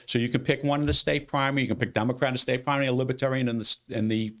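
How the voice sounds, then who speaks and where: Brief: man, elections official, rapid gravelly delivery, animated, repeats himself, studio interview. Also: medium pitch. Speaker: city elections director. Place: local TV studio.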